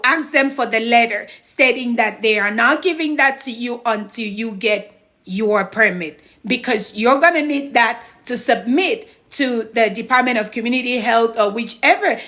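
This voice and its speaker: A middle-aged woman hosts a live-stream advice chat with a bright, forward voice. She talks in a chatty, encouraging way and keeps thanking her viewers. Her voice sits a touch high. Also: a little slow. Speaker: home care business mentor.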